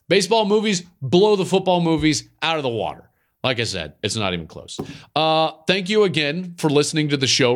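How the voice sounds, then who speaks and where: A man's voice: medium pitch, a little fast, faint music behind. A man in his forties hosting a podcast, talking through a mailbag question in a casual, emphatic way with lots of "like" fillers. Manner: animated, emphatic, many "like" fillers. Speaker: podcast host.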